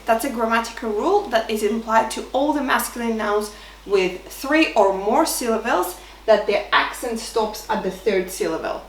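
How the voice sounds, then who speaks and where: Lady teaching grammar, kinda high voice, echoey room, mic a bit far off. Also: fairly bright tone, slight background noise. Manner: explains slowly, mixing Greek and English with fillers. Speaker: Greek language teacher. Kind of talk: online language lesson.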